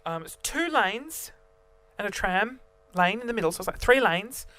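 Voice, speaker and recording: A young man telling a story to camera as a vlogger, animated and theatrical, jumping between voices. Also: high voice, normal speed.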